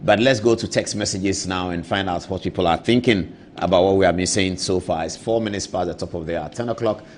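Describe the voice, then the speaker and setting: A man hosts a live evening talk show from a TV studio. His voice sits low for a man, and he talks emphatically, piling up rhetorical questions and repeating words for effect. A faint hum of room ambience sits under him. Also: brisk, hardly any pauses.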